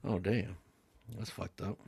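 A man's voice: fairly low pitch, fairly even intonation, a little slow, gravelly, a little mellow, slightly rough. A man co-hosting a casual podcast chat, telling stories with a laugh and repeating phrases.

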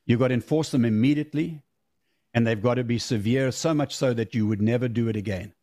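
A man's voice: medium pitch, fast talker, mellow. Firm, emphatic male interview guest. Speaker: guest, race car driver. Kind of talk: casual interview chat. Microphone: video call.

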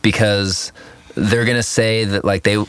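A man's voice: fairly low pitch, flat delivery, unhurried, a bit bright, smooth. A man in casual chat, answering questions about producing music with lots of fillers and acted-out quotes. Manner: rambling, many fillers, acts out quotes.

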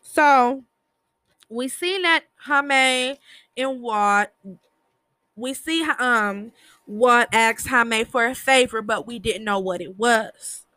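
A woman's voice: on the high side, slow pace, pushed and bright, clean tone, dry recording. A woman hosting a podcast, chatting casually through a TV episode recap and retelling scenes in her own words. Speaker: podcast host.

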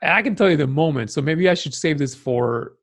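Husky-voiced male podcast co-host. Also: on the high side, brisk. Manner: animated storyteller, teasing. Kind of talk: casual chat.

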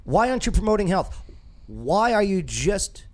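A man's voice: high voice, sing-song, moderate pace. A man hosting a casual talk show, joking and rambling with restarts. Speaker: host. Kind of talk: casual podcast chat.

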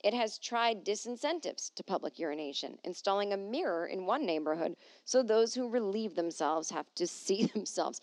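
A woman's voice: medium pitch, lively intonation, moderate pace, few pauses, darkish tone, dry recording. A woman hosting a comedic solo podcast, reading news aloud and riffing on it sarcastically, swearing freely. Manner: sarcastic, swears freely, slips into silly put-on voices.

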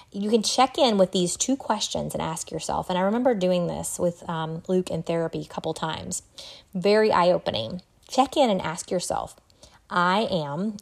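A middle-aged woman hosting a solo podcast, talking in an earnest, reflective way with an occasional soft laugh. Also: lowish voice, gravelly. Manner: earnest, reflective, laughs softly now and then. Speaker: podcast host. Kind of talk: solo podcast talk on wellbeing.

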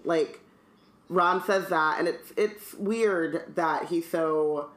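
A woman's voice: fairly low pitch, slow, a bit bright, echoey room. A woman co-hosting a casual book-club podcast, reading aloud and chatting with many asides.

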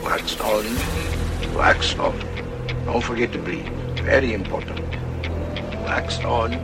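An actor playing a calm, terse older karate teacher who gives slow, clipped instructions in broken English. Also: male voice, mid-range voice, over loud music, rough recording. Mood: calm instructing. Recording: film clip with loud background noise.

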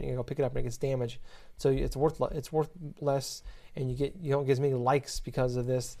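A man's voice: on the high side, gravelly, fairly bright tone. A man in casual chat, rambling and swearing as he rants about a game. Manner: profane, rambling, exasperated ranting.

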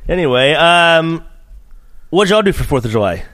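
A man's voice: a little high, animated, moderate pace, fairly bright tone, dry recording, studio quality. A man hosting a casual podcast, rambling through stories with lots of fillers and swearing while he bickers with his co-host. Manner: rambling, profane, trails off with fillers.

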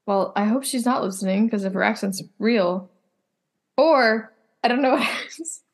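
A woman's voice: on the high side, measured pace. A woman co-hosting a podcast in casual chat, rambling and doubting herself as she talks.

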